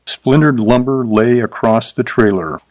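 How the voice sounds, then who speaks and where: A man narrating a short story in a measured, even reading voice. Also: medium pitch, dry recording.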